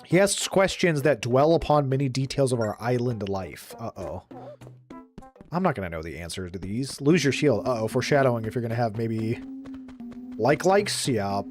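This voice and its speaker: A man's voice: medium pitch, big pitch swings, normal speed, darkish tone. A man casually commenting while he plays a game, reading its dialogue aloud and cracking sarcastic jokes. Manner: jokey, sarcastic asides, reads game dialogue in a mock-serious voice. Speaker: streamer playing a game. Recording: faint background game music.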